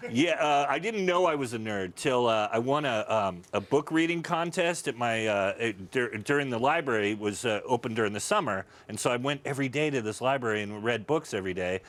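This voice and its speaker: A man's voice: medium pitch, animated, a little fast, few pauses, a bit bright. A man being interviewed as a guest comedian on a TV talk show, self-mocking and laughing often. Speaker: guest comedian and comic writer. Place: TV studio.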